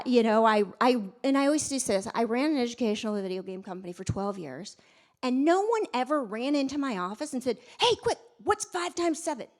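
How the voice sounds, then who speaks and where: A middle-aged woman giving a conference talk, emphatic and energetic, with many fillers and restarts. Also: a little high. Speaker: conference speaker.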